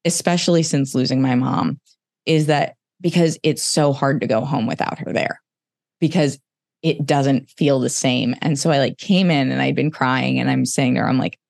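A podcast host in conversation, speaking candidly and emotionally, often in quick bursts. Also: medium pitch, creaky, darkish tone, no echo, studio quality.

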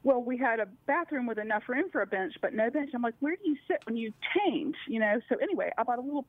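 A woman's voice: fairly high pitch, expressive, quick pace, dry recording. A woman calling in to a talk radio show, telling a story in a chatty, laughing way. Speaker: caller. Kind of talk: phone-in call on talk radio. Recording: tinny phone line.

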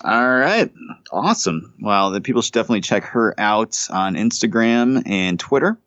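A man's voice: fairly low pitch, expressive, moderate pace, fairly bright tone, no room sound, dull audio, faint music behind. A man co-hosting a podcast, wrapping up a segment with jokes and laughter. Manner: jokey, laughing. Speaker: podcast co-host. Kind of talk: podcast wrap-up.

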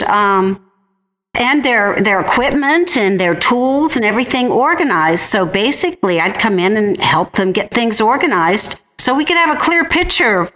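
A woman's voice: fairly high pitch, fairly bright tone, low-quality recording. Friendly woman guest telling her story. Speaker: wine company co-founder, guest. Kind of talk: casual interview storytelling.

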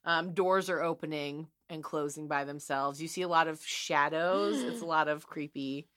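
A woman in casual chat, retelling a horror film with jokes, lots of "like", and quick acted-out voices. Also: low voice, no room sound, studio quality. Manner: lively, jokey, acts out scenes in voices, says "like" often. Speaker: podcast co-host.

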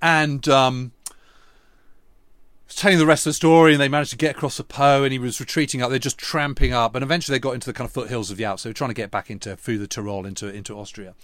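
An earnest man recounting a story in casual podcast chat, his voice sitting at an ordinary middle pitch. The sound is close and dry, with no room echo. He talks with emphasis and feeling. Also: steady tone, quick pace, a bit bright. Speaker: historian and podcast co-host. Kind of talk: conversational anecdote.

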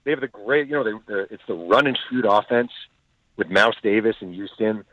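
Lively male guest on a tinny line. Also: on the low side, a little fast, slight background noise. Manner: animated storyteller acting out quotes. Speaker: author and guest. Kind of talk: storytelling interview answers. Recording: tinny phone-line audio, dry.

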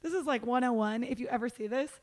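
A woman who works as a red carpet interviewer, telling stories in a casual chat, animated and full of "like" and "dude". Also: on the high side, fast. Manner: animated storyteller, lots of "like" and "dude".

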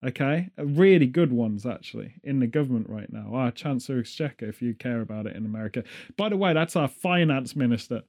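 A man's voice: medium pitch, animated, quick pace, few pauses, darkish tone. A British man co-hosting a casual chat, rambling and joking, now and then slipping into silly voices. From United Kingdom. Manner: rambling, jokey, slips into silly put-on voices.

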